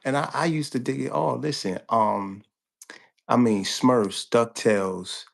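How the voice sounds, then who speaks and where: A man's voice: mid-range voice, unhurried, vocal fry. A man in his forties from New Jersey with a New York accent, a guest musician telling stories in laid-back interview chat.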